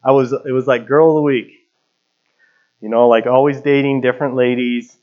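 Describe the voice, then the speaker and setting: Man, 30s, pastor, relaxed chatty sermon, mid-pitched voice, dull lo-fi recording. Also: normal speed. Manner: conversational, storytelling with casual fillers.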